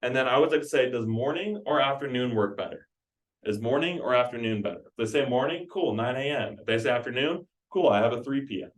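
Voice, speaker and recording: Young male sales trainer, casual and energetic, repeats his points, mic at a distance. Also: mid-range voice, brisk. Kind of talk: team meeting training talk. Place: meeting room.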